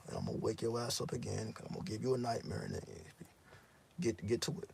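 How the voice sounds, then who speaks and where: A man's voice: lowish voice, fast, creaky, darkish tone, breathy edge. A man speaking in a casual, intense monologue as a spiritual teacher, profane and repeating himself for emphasis.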